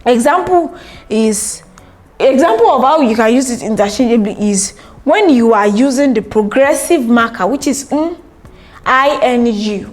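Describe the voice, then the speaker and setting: A woman's voice: fairly high pitch, a little slow, faint music behind. A woman teaching a language lesson, patiently repeating each word several times and translating it.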